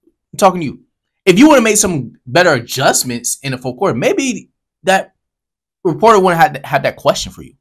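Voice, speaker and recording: A man giving a casual basketball commentary rant as a vlogger, talking straight to his viewers and swinging from low mutters to loud outbursts. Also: big pitch swings, a little fast, slightly rough. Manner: heated, talks straight to viewers.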